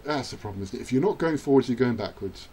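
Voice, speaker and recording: A man's voice: medium pitch, lively intonation, quick pace, warm tone, breathy edge. A man chatting his way through a rugby video game, self-mocking and now and then cheering at the screen. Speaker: gaming channel host. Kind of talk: let's-play commentary.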